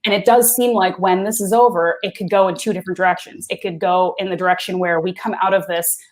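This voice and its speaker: A woman's voice: on the low side, steady tone, fast talker. A woman co-hosting a podcast, chatting casually with many filler words. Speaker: podcast co-host.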